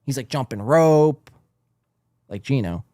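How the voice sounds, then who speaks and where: A man hosting a podcast, reacting to a clip with crude, mocking sarcasm. His pitch swings up and down in an animated way. The sound is close and dry, with no room echo. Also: slow pace. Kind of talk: commentary.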